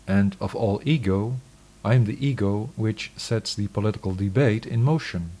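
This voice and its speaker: A man giving a scripted scripture reading in a measured, solemn, declamatory way. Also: fairly low pitch, mellow, slightly rough.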